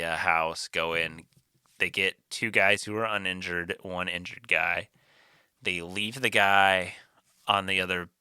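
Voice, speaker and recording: A man co-hosting a casual podcast, retelling scenes with frequent laughter and rattling off ad reads quickly. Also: sits low, pushed and bright, smooth, no echo, clean studio sound. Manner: laughs often while retelling, fast ad reads. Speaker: podcast co-host. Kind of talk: casual podcast chat with ad read.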